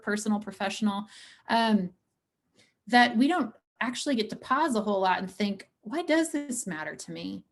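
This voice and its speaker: A woman therapist speaking casually to an audience at a medium, ordinary pitch. Her delivery is chatty and earnest. She often checks in with a quick "right?" and leans on soft fillers as she thinks aloud. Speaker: therapist giving a talk.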